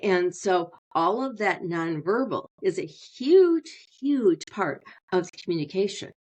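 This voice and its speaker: Brief: woman therapist, middle-aged, lowish voice, measured teaching manner. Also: very animated, a little mellow. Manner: slows down deliberately, demonstrates tone changes. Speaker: marriage and family therapist guest. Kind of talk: explanatory interview talk.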